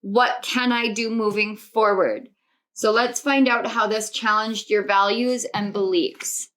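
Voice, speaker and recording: A woman's voice: medium pitch, fairly even intonation, unhurried, fairly bright tone. A young adult woman giving an intuitive tarot reading to camera, earnest and reflective, often repeating her phrases. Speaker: tarot reader.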